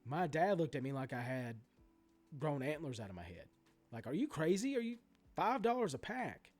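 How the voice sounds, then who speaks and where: A man in his forties ranting in a vlog about sports card prices, swearing freely and going off on asides and restarts. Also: medium pitch. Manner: animated, profane ranting with many asides and restarts. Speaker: sports card collector vlogger.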